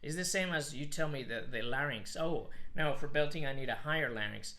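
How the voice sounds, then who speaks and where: Bright-voiced male singing teacher. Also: mid-range voice, fairly quick. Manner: explains with sung examples, many restarts and fillers. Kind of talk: voice lesson with sung demonstrations.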